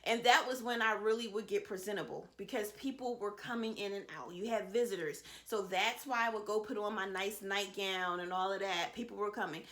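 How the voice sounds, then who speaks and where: A woman's voice: mid-range voice, steady tone, a little fast, hardly any pauses, fairly bright tone. A woman in her thirties giving casual, reassuring advice to other mothers in a vlog, peppered with "you know" and promises. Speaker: vlogger, mother of seven.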